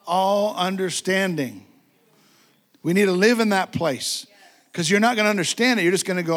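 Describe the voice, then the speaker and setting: A man's voice: high-pitched, a little fast. A man preaching a sermon in a fervent, conversational way, repeating his points and breaking into asides and laughter. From United States. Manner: laughs often and acts out quotes.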